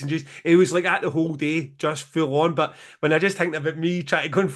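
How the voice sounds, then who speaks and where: A middle-aged Scottish man, a music promoter co-hosting a podcast, telling sweary, animated stories and laughing through them. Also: a little high, fast talker, few pauses. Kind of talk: casual storytelling chat.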